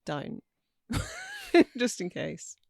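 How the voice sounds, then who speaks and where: A woman's voice: on the low side, moderate pace, darkish tone, no room sound. A woman from Northern England hosting a film podcast, chatty and teasing in casual talk. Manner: chatty, teasing, laughs easily. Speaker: podcast host. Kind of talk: casual film-discussion chat.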